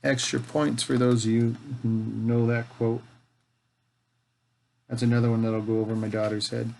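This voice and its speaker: A man's voice: mid-range voice, flat delivery, normal speed, creaky, a little mellow, slight background noise. Man, middle-aged, from Canada, live-stream host, casual chat, joking, talks to himself. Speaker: live-stream host building a toy kit. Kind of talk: casual chat while building.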